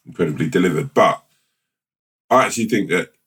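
A man co-hosting a podcast, chatting casually and telling a rambling, playful made-up story with halting restarts. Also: sits low, expressive, fairly bright tone, far from the mic. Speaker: podcast co-host. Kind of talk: casual chat and improvised storytelling.

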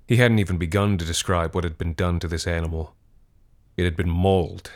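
A man reading a scripted horror story in a measured, grim manner. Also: sits low.

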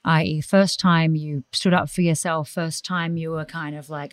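A woman's voice: low voice, flat delivery, moderate pace, no echo. A woman interviewer asking casual questions in a playful, teasing way.

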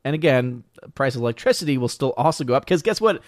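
A man's voice: mid-range voice, animated, fast, dry recording, clean studio sound. A man hosting a casual livestream who reads viewer comments aloud and rambles with frequent restarts. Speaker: livestream host reading chat.

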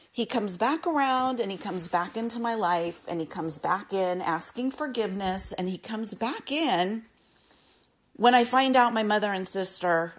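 A woman in her late fifties telling a personal story in a candid, emotional way, often repeating herself. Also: mid-range voice. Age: 50s. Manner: candid, emotional, repetitive retelling.

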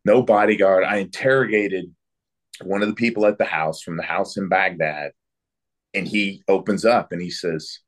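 A low, husky man recounts a story from his days as an interrogator. He talks in quick, clipped bursts and slips into the voices of the people he questioned. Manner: brisk anecdotal storytelling, acting out quoted exchanges. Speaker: guest, former military interrogator.

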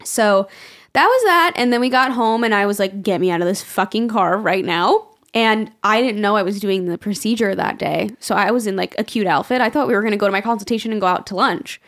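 A woman's voice: medium pitch, fairly quick, fairly bright tone. A young adult woman co-hosting a podcast, telling a story in casual chat with frequent swearing and laughter. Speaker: podcast co-host.

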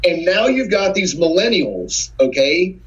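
An indignant male podcast guest lecturing at length. His voice is a little high and comes through dull and lo-fi, with the top end muffled. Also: sing-song, unhurried. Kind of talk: opinionated podcast talk.

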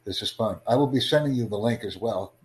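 A man calmly chatting on a live stream, smooth and promotional, unbothered by pushback. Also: lowish voice, fast, low-quality recording. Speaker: streamer recording a voice chat. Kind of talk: casual live-stream chat.

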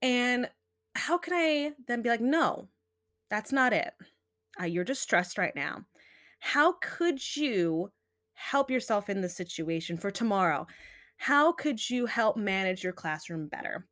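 A woman's voice: a little high, lively intonation, measured pace, fairly bright tone. A young adult woman hosting a podcast, giving earnest, chatty self-help talk full of "you know" and "right". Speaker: podcast host.

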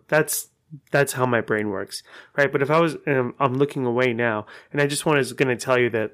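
A man's voice: medium pitch, normal speed, fairly bright tone. A man giving a casual, rambling personal update, correcting himself and swearing freely. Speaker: vlogger giving a monthly update.

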